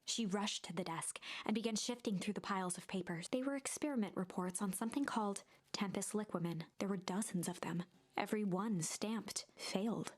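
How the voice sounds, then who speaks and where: A woman reading a story game's narration aloud to her viewers. She goes hushed and breathy in the tense stretches. Her voice sits at an ordinary middle pitch. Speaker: streamer reading a story game.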